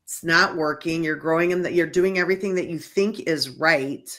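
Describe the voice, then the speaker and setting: A woman's voice: low voice, moderate pace. A middle-aged woman hosting a parenting podcast who tells stories about her family with feeling and imitates the people in them. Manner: expressive storyteller, mimics family voices. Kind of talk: casual podcast chat.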